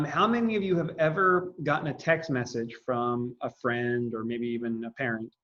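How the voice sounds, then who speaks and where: A man's voice: mid-range voice, fairly bright tone, muffled recording. A man teaching a classroom lecture, talking casually, thinking aloud with fillers and restarts.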